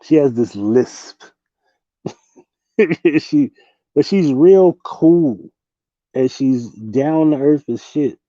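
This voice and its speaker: A man's voice: a little high, lively intonation, extremely slow, long pauses, warm tone, no echo, dull audio. A young man hosting a casual livestream from his desk, slangy and loose, laughing often as he talks to his viewers. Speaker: livestream host. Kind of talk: casual late-night livestream chat.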